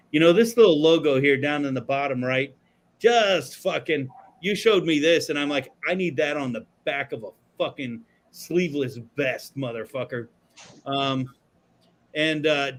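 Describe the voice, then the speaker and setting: Profane laid-back man telling stories. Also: a little high. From Florida. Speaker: podcast co-host. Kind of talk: casual chat. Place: studio.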